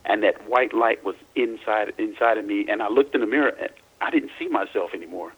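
Husky-voiced man telling his story haltingly. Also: fairly low pitch, rough recording. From Louisiana, US. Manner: halting, repeats and restarts words. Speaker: interview guest. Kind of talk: recounting personal experiences.

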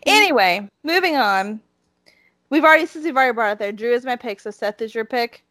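A woman's voice: a little high, animated, brisk, fairly bright tone, no echo. A woman with a Southern accent chatting casually as a podcast co-host, emphatic and full of restarts. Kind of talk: casual chat about wrestling.

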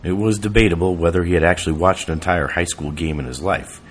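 A man narrating an audiobook in a steady, even reading voice. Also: low-pitched, quick pace, a little hiss or hum.

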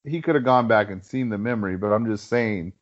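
A man's voice: on the low side, a little fast. A man in a casual podcast chat, thoughtful and hedging as he explains his view at length. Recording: dull lo-fi sound.

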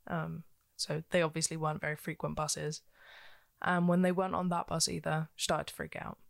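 A woman's voice: sits low, flat delivery, a little fast, gravelly. A woman co-hosting a podcast, telling a true-crime case in a casual, chatty way with frequent ums and likes. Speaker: podcast co-host.

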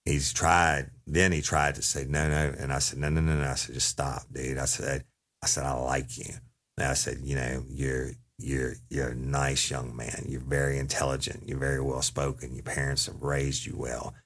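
Deep husky guy telling a cop story, flat voice, swears a lot. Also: moderate pace. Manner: profane, conversational, acts out quoted dialogue. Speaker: storyteller recounting a police interrogation. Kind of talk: casual storytelling to an audience.

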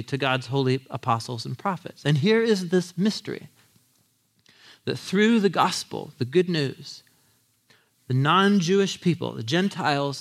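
A man preaching a sermon, telling the story with animated quoted voices and asides to the congregation. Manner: animated storytelling, acting out quotes with big pitch jumps; asides with audience, laughing. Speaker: pastor.

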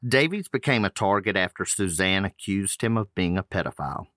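A man's voice: deep voice, lively intonation, brisk, a bit bright, no echo, clean studio sound. A man hosting a podcast, reading case notes aloud with loose casual asides. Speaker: podcast host.

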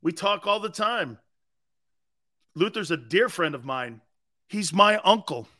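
A man's voice: high voice, animated, unhurried, pushed and bright. A man hosting a sports talk show, telling rambling stories, laughing often and acting out the voices of people he quotes. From Sicilian-American heritage. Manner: laughs often between lines. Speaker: sports radio host.

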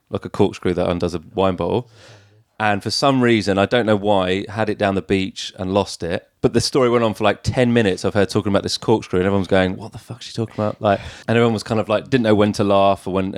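A man's voice: lowish voice, no echo. Dry-voiced man spinning an anecdote. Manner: animated anecdote-teller who acts out quoted people. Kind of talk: casual chat.

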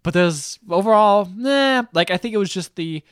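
A man with a slightly higher voice, chatting casually as a podcast co-host. He retells a film's plot with lively, animated energy and acts out bits of dialogue along the way. The sound is dry and close, with no room echo. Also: moderate pace, clean tone. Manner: animated retelling with acted quotes and laughs. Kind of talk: casual movie recap chat.

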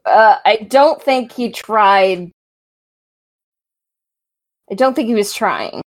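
A woman's voice: mid-range voice, animated, takes it slowly. A woman running a tabletop game as game master, narrating hesitantly with many fillers.

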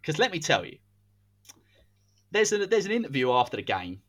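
A man's voice: on the high side, wildly swooping pitch, moderate pace, a bit bright. A man, hosting a podcast and telling a football story in a casual, dramatic way. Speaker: podcast host.

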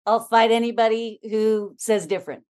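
A woman joins a trivia podcast as a contestant, chatting casually. She speaks with emphatic enthusiasm in a slightly high voice. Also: steady tone, normal speed, darkish tone. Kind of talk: casual chat on a game podcast.

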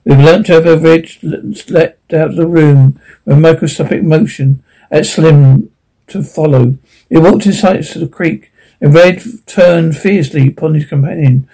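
A man narrating a short story aloud, with a halting delivery that stumbles over words. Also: a little high, fairly even intonation, warm tone, poor audio. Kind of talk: storybook reading.

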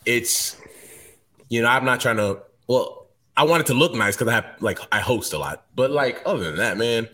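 An easygoing male podcast co-host who chats casually, stumbling and restarting his sentences. His voice comes across bright and forceful at a middling pitch. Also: animated, normal speed. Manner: easygoing, hesitant restarts, says "man".

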